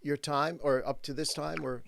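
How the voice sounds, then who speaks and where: A man's voice: fairly high pitch, fairly even intonation, normal speed, creaky, a bit bright, a little hiss or hum. A man hosting an interview, affirming often and asking long, rambling questions full of fillers. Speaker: host.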